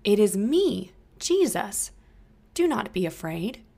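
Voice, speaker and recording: A woman voicing a calm, gentle male teacher in a children's Bible story, speaking slowly and reassuringly. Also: medium pitch, vocal fry, heavily acted.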